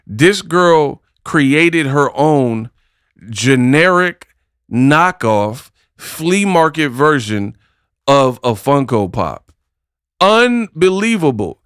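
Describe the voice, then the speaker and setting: A man's voice: a little high, sing-song, drawn-out words, fairly bright tone, clear, resonant tone, dry recording, clean studio sound. A man hosting a casual boxing commentary video, exasperated and full of rhetorical questions.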